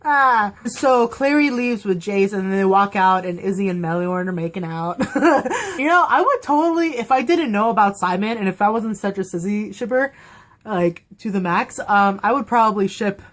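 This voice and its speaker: A young woman at home reviewing a TV episode in casual fan chat, excitable and gushing, her voice swinging widely as her feelings run high. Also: moderate pace. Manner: excitable, gushing, with big emotional swings in pitch. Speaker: TV show reviewer.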